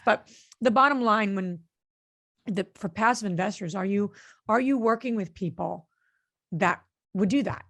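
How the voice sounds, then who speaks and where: An earnest woman co-hosting a podcast, talking through a story in a loose, conversational way. Her voice has a gravelly fry, and she often pauses with fillers and restarts her sentences. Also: mid-range voice, fairly bright tone. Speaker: podcast co-host and real estate investor.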